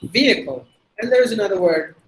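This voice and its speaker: Quick, high-voiced Tamil-accented male lecturer. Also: expressive, a bit bright, poor audio. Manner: explains by spelling words letter by letter and repeating them. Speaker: webinar resource person teaching pronunciation. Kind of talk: online lecture. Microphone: video call.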